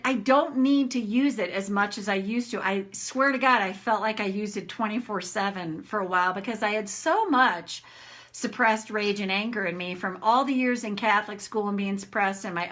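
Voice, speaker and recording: A woman's voice: medium pitch, normal speed, pushed and bright. A middle-aged woman coach talking frankly to viewers in a casual live session, swearing freely and acting out her own rants.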